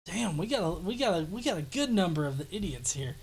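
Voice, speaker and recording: A woman's voice: lowish voice, husky. A woman hosting a show, reading viewer comments and giving crude, sarcastic commentary with laughing asides. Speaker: show host. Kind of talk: casual mocking commentary.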